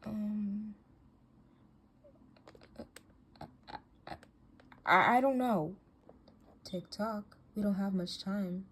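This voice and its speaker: A woman's voice: medium pitch, drawn-out words, long pauses, breathy edge. Woman voicing a hurt, stammering teen girl. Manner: stammering, defensive. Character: hurt, hesitant teen girl in doll drama. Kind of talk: doll drama voice acting.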